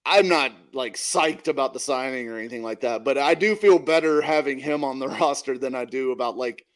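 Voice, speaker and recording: A man co-hosting a football podcast with an ordinary mid-range voice. He talks in a relaxed, agreeable way and drops casual swears while weighing in on players. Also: mid-range voice, fairly quick. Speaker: podcast co-host. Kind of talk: casual sports podcast chat.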